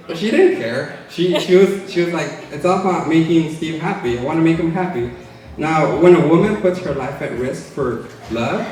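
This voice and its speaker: At a large hotel banquet hall, a young man in his twenties makes a chatty, jokey toast for his twin brother's wedding and laughs between lines. His voice is on the high side and a little mellow. A distant mic captures the hall's strong echo.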